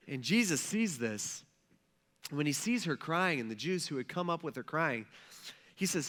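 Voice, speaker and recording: A man's voice: sits high, bright, forceful tone. A man preaching a sermon as pastor, retelling a Bible story in a casual, conversational way and acting out what the people said.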